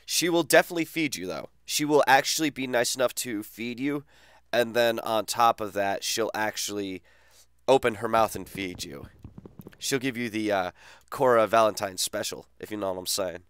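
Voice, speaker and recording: Smooth-voiced man teasing his stream chat. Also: on the low side, moderate pace, fairly bright tone, no room sound, clean studio sound. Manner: crude, teasing banter with chat. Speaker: gaming streamer. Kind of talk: casual live-stream chat.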